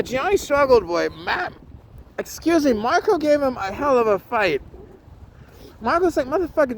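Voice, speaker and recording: A man's voice: extremely high pitch, a little hiss or hum. A man giving a casual, rambling recap of a tournament, full of slang, swearing, ums and restarted sentences. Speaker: vlogger reviewing a jiu-jitsu tournament.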